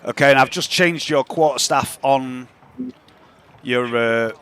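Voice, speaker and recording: A man's voice: medium pitch, unhurried, fairly bright tone, clean tone. A man narrating as game master of a tabletop game, loose and laughing, with many fillers.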